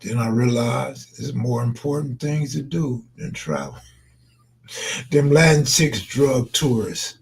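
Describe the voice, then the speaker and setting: Slow, gravelly laid-back man. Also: medium pitch, expressive, slight background noise. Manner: laid-back and slangy, drawn out and mumbled at times. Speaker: live streamer reading viewer chat. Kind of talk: casual late-night live stream chat.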